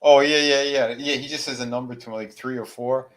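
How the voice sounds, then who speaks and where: A man's voice: medium pitch, fairly even intonation, fairly quick. A man co-hosting a horror film podcast, casually retelling scenes and acting out the characters' lines with plenty of fillers. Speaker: podcast co-host. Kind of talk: casual movie recap chat.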